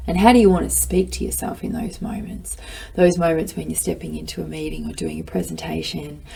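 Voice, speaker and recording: A middle-aged woman talks straight to her listeners about self-kindness. Her voice carries a gravelly fry and a husky, breathy edge. She is lively and playful, often slipping into her own inner voice. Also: sits low. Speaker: self-help speaker. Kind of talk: motivational talk to camera.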